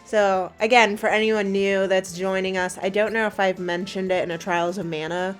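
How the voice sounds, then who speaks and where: A woman's voice: medium pitch, little pitch movement, normal speed, soft background music. Giggly woman chatting over a game. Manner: giggly, chatty, frequent laughter. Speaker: co-host of a let's play. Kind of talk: casual gameplay commentary. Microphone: shared desk microphone.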